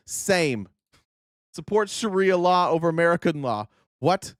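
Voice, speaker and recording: Man, political commentary, sarcastic, profane, lively pitch, slightly high voice. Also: unhurried, dry recording, clean studio sound. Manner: sarcastic, profane, mocks opponents in shouted put-on voices.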